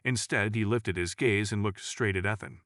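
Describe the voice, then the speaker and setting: A man narrating a dramatic courtroom story in a suspenseful, measured reading. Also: lowish voice, a bit bright, dry recording, studio quality.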